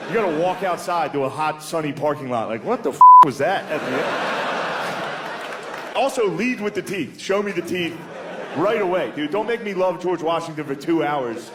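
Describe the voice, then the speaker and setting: A man's voice: a little high, animated, normal speed. A male stand-up comedian ranting in disbelief, with plenty of swearing. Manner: incredulous, profane rants. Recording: noisy live recording.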